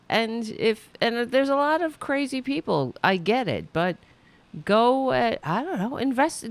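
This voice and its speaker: Slow gravelly woman hosting a livestream. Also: fairly high pitch, big pitch swings, no echo. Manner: rambling, profane, with sudden emphatic rises. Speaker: show host. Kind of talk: casual livestream monologue.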